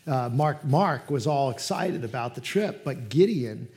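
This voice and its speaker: A man preaching a sermon as pastor at a church service, telling stories with lively quoted voices. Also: mid-range voice, measured pace. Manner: animated storytelling, acts out quoted voices.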